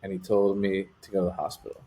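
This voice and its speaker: A man's voice: deep voice, fairly even intonation, fast talker, mellow. A man talking as an interview guest, telling a personal story in a candid, rambling way with lots of casual fillers.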